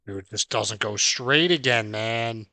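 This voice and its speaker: A young man hosting a gaming channel, calmly recapping his trophy hunt, then ranting and swearing angrily at the game's controls. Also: on the low side, takes it slowly, no room sound, rough recording. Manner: swears heavily and rants when frustrated; calm, dry recap narration. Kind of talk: recapping gameplay with a raging clip.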